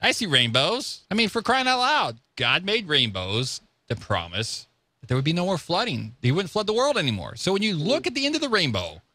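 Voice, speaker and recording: A high-voiced man hosts a casual, radio-style talk show, speaking briskly with no room sound. He jokes and tells stories with lots of animation.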